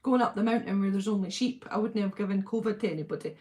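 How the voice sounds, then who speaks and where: Welsh woman host, middle-aged, chatty fan-chat livestream, warm gushing delivery with frequent laughs. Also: medium pitch, fast. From Wales. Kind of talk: casual chat reading viewer comments.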